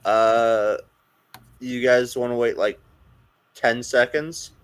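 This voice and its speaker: A man's voice: medium pitch, fairly even intonation, slow, smooth, low-quality recording. A man playing in a tabletop game, talking casually and hesitantly. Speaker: player.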